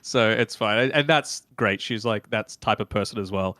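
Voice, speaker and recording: A man in a casual panel chat, with a bright, forward voice. His delivery is relaxed and wry, and the recording is dry and close. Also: lowish voice, normal speed, dry recording. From Australia. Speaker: esports caster.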